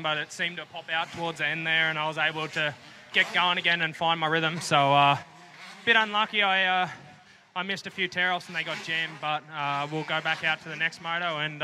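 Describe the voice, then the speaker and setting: Bright-voiced New rider, hesitant. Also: male voice, on the high side, slight background noise. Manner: hesitant, lots of fillers. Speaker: motocross rider. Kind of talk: post-race interview.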